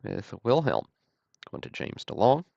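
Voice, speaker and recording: A slow-talking man with a very low, gravelly voice runs a card-break livestream, reading off cards in a steady, plain way. The sound is dry and a bit muffled, like lo-fi stream audio. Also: no echo. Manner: steady, matter-of-fact listing with dry self-deprecating asides. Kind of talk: calling out trading cards on a livestream.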